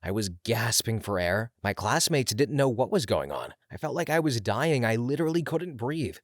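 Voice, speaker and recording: A man reading online stories aloud, telling them in an expressive, dramatic way. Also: mid-range voice, moderate pace, dry recording, clean studio sound. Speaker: story reader.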